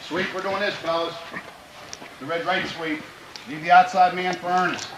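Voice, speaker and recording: A man's voice: sits high, steady tone, slight background noise, low-quality recording. Earnest man coaching his football team. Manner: earnest, plainspoken exhortation, pausing to restart phrases; grows louder and more fervent when speaking of country. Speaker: high school football head coach. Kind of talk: pregame locker-room speech to players.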